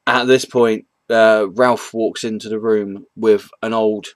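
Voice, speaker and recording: Low-voiced man rambling through a comic review. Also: flat delivery, takes it slowly, no echo. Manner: rambling, hesitant retelling with frequent ums; chuckles at the jokes he retells. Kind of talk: casual spoken review.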